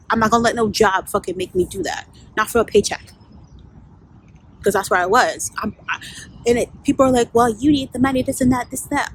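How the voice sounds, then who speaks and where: Animated woman telling a candid story outdoors. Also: on the high side, a little hiss or hum, rough recording. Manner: candid, profane storytelling with frequent fillers and laughs. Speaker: vlogger and life coach. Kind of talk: casual storytime vlog.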